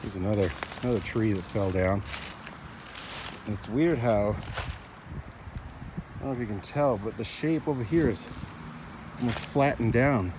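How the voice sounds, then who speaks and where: A man's voice: fairly low pitch, moderate pace, pauses often. A man in his forties vlogging casually outdoors, rambling in a chatty, self-mocking way with little asides. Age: 40s. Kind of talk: casual vlog narration. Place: outdoors, windy lakeside walk and parked car. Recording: wind and traffic noise outdoors.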